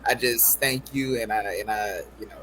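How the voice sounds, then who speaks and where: A man's voice: mid-range voice, steady tone, moderate pace, pushed and bright, slight background noise, poor audio. A male host, affirming and preacherly, often saying "you know.". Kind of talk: casual interview chat.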